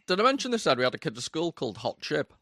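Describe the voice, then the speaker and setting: A man's voice: fairly high pitch, big pitch swings, rapid-fire, pushed and bright, no room sound, studio quality. A man chatting as a panel guest, teasing and telling school stories. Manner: teasing, storytelling. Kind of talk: casual chat.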